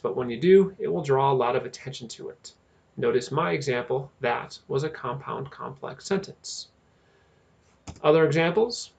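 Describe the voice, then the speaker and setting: A man teaching a grammar lesson with a slightly raised pitch and a gravelly edge to his voice. He talks slowly and deliberately and leans on the key terms.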